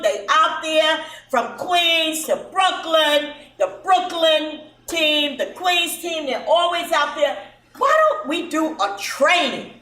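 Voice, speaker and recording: Slow, high-voiced woman addressing a room. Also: fairly bright tone. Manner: earnest, emphatic address. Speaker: founder of a mothers' support program. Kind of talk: speaking to a gathering. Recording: roomy, distant mic.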